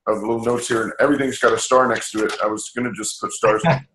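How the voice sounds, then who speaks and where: A man's voice: medium pitch, fairly even intonation, fast talker, a bit bright, reverberant, low-quality recording. A man hosting a team call, giving motivational talk with many fillers and restarts.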